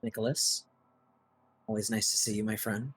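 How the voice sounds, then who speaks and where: A man's voice: lowish voice, little pitch movement, normal speed, husky. A man voicing a composed, wealthy vampire woman, speaking in a gracious, formal way.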